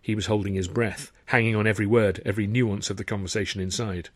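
A man narrating his own book in a wry, chatty storytelling manner. His voice sits on the low side and is recorded dry and close, with no room sound. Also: fairly even intonation, fast, few pauses, no echo. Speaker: author-narrator. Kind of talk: scripted audiobook narration.

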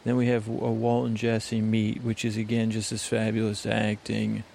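A man with a gravelly, fry-laced voice drifts through a rambling bedtime podcast recap. He keeps his pitch even and flat and wanders off on tangents, often restarting his sentences. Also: normal speed, slight background noise. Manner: meandering, digressive, with many fillers and restarts. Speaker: podcast host.

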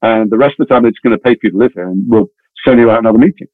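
A man with a lowish voice, an actor, tells a long showbiz anecdote in casual interview chat, racing along animatedly and voicing the other people in his story. The audio is tinny and phone-like, with no room sound.

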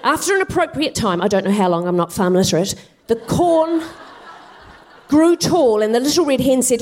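A woman comedian spins a comic fairy-tale retelling on a theatre stage. She slips in wry, offhand asides between the story beats. Her voice sits a touch high. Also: lively intonation, normal speed, a little mellow. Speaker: guest comedian. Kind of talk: stand-up storytelling, live on stage.

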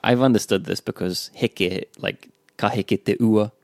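Gravelly-voiced New man learning. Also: fairly low pitch, fairly even intonation, measured pace, a little mellow. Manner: checks meanings, echoes phrases back. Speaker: learner and co-host. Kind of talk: bilingual language lesson chat.

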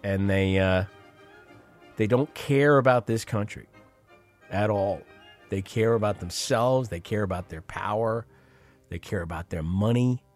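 A man's voice: on the low side, a little slow, pauses often, soft background music. A middle-aged man hosting a show, giving casual, sardonic commentary over clips. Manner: sardonic, mocking asides. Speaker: radio host.

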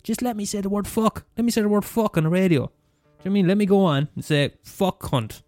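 A young Irish man ranting profanely on his podcast, talking fast and mumbling. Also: high-pitched, a little mellow, no room sound, faint music behind. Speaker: podcast host. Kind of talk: casual solo rant.

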